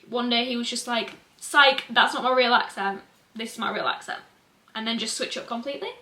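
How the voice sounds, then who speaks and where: Chatty young woman, bright voice. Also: fairly high pitch, a little hiss or hum. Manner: chatty and enthusiastic. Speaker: book vlogger. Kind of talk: casual chat. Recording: echoey room.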